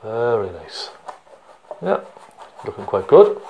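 A man's voice: lowish voice, sing-song, slow pace, dark tone, a little hiss or hum. Chatty man with a Cork accent. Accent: Cork Irish. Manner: chatty, encouraging, checks in with the viewer. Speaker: painting teacher. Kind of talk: step-by-step painting tutorial.

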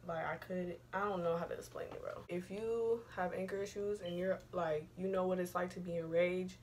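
A woman's voice: fairly low pitch, steady tone, moderate pace, darkish tone, a little hiss or hum. A young woman vlogger telling a personal story in a casual, rambling, profane way, full of slang.

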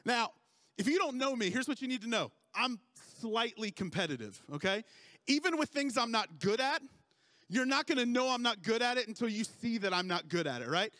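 Pastor, man, 30s, high voice, dry close sound, playful self-mocking storyteller. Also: lively intonation, a little fast, bright, forceful tone, dry recording. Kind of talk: sermon.

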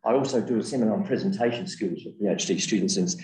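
An older man giving a humorous keynote lecture as a professor, an animated storyteller who jokes as he goes. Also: fairly low pitch, fast, recorded from a distance, rough recording. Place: lecture room with online audience.

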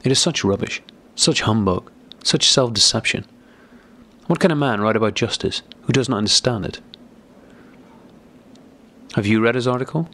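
A man's voice: medium pitch, moderate pace, long pauses, pushed and bright. A man reading as a bitter, irritable older brother, speaking in an agitated, raised voice. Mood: scornful.

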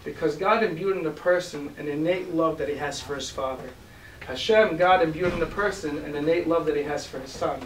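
A rabbi with a high voice preaches a sermon built on stories, acting out each character with lively delivery. He was recorded from some distance in a roomy, echoing hall, with faint hiss under the voice. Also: a little fast. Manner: animated storyteller who acts out the voices in his stories. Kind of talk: storytelling sermon.

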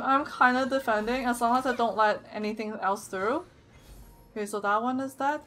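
A young woman streaming a game, thinking aloud and getting loud and excited when things go wrong. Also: high-pitched, normal speed, faint music behind. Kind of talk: live gameplay commentary.

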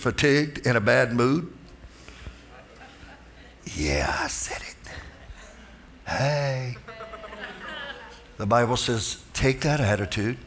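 A man's voice: mid-range voice, fairly bright tone, a little hiss or hum. A man preaching a fervent sermon as pastor, calling out to the congregation for responses.

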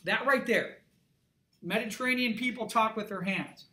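A man's voice: high-pitched, normal speed, pushed and bright. A middle-aged man, an art instructor, giving a classroom lecture in an emphatic, conversational way and checking in with his students often.

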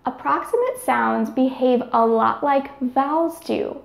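Woman educator, scripted lesson, fairly high voice, unhurried demonstrations. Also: vocal fry, echoey room. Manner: slow, careful, demonstrating each sound. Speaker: speech therapy educator. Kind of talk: scripted instructional narration.

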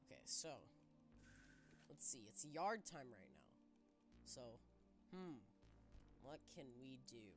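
A young woman giving excitable gameplay commentary, exclaiming and narrating her moves to viewers. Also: on the low side. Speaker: gaming YouTuber.

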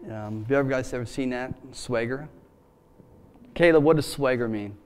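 A man preaches in a church in a relaxed, folksy way. He talks like he is chatting, full of fillers, asides and friendly slang. His voice sits at an ordinary middle pitch. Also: normal speed. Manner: conversational, folksy, with many fillers. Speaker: pastor. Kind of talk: sermon.

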